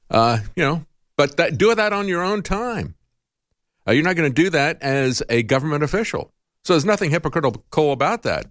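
A man hosting a talk show and giving opinionated political commentary, arguing with rhetorical questions, frequent uhs, and sudden upward jumps in pitch on his emphatic points. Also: a bit bright, dry recording, studio quality.

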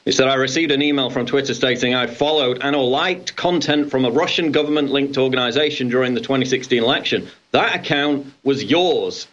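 A male co-host laying out his points in a steady, explanatory manner. His voice is mid-pitched. The sound is muffled and lo-fi. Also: fairly quick, few pauses. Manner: steady, explanatory, reading out quotes. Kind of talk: political talk show discussion. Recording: dull lo-fi line.

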